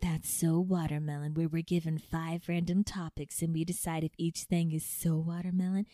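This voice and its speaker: A woman's voice: lowish voice, little pitch movement, normal speed, warm tone, dry recording. A young woman co-hosting a podcast, teasing and bickering with her sisters in casual chat, close to a studio mic. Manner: bickering, teasing, laughing banter. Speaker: podcast co-host.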